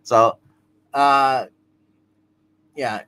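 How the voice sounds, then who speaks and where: A man's voice: medium pitch, fairly even intonation, very slow, pushed and bright, smooth. A man hosting a casual live-stream comic book review, talking in a loose, rambling way with many restarts and fillers. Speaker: host of a comic review show.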